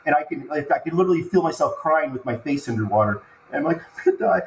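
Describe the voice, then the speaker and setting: Man haltingly telling a near-death story. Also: fairly high pitch, animated, a little hiss or hum. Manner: halting, repeats words and restarts when moved. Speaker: podcast guest. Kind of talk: emotional personal storytelling. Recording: echoey room with faint ambience.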